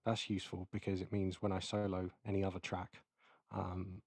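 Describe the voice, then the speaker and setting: A man giving a casual, explanatory keynote while demonstrating audio software, with many fillers. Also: low-pitched, completely flat delivery, normal speed, no room sound. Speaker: keynote presenter. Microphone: close mic into recording software.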